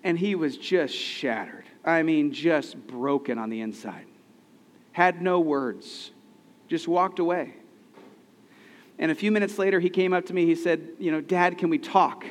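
A man's voice: a little high, measured pace. A man in his thirties preaching a sermon, conversational and earnest, asking the listeners questions. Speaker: pastor. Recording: long hall reverb.

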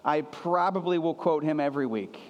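A man's voice: a little high, expressive, a little fast, long reverb tail, highs cut off. A man preaching a sermon as a pastor, earnest and emphatic, often repeating his phrases for weight.

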